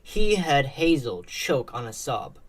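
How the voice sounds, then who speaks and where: A woman narrating a story in a measured, dramatic reading. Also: rumbling low, sing-song.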